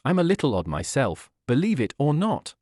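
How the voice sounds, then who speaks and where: A man's voice: mid-range voice, wildly swooping pitch, normal speed, no echo, clean studio sound. A man doing a chuckling kindly old martial-arts grandpa. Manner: chuckling, cooing, gentle.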